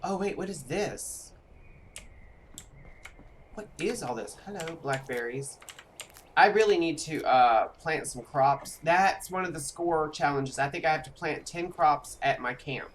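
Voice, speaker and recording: A streamer giving live gameplay commentary in a chatty way, speaking straight to viewers and reacting with animated outbursts. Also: medium pitch, unhurried, slight background noise. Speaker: game streamer.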